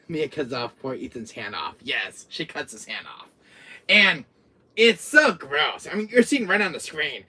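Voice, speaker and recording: Man, gaming channel host, casual horror game chat, sharp bright tone, lively swooping pitch, acts out bits, casual swearing. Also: measured pace, distant mic, a little hiss or hum. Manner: animated, acts out scenes in voices and whispers. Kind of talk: casual rambling chat about horror games.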